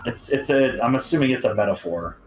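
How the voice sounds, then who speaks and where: A man's voice: medium pitch, expressive, brisk, echoey room, faint music behind. A young man co-hosting a casual podcast over a voice-chat call, rambling, profane and self-mocking. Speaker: podcast co-host.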